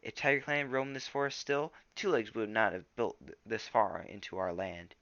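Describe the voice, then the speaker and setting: A man's voice: lowish voice, fairly even intonation, moderate pace, fairly bright tone, dry recording, dull audio. A man voicing a proud, grumbling silver tabby cat in a storybook reading.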